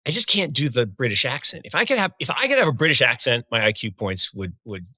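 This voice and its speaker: An upbeat male podcast co-host with a bright, forceful voice, chatting excitedly about charts and old stories. The sound is dry and close, with no room echo. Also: mid-range voice, quick pace. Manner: enthusiastic, animated storyteller. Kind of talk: casual market talk.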